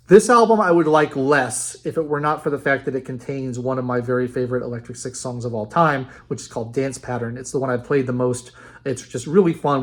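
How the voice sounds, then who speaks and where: An American man talks through his favorite records in a loose, rambling way, full of ums and restarts. His voice sits at an ordinary middle pitch, and his enthusiasm stays relaxed and conversational. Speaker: music reviewer. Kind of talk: casual album ranking monologue.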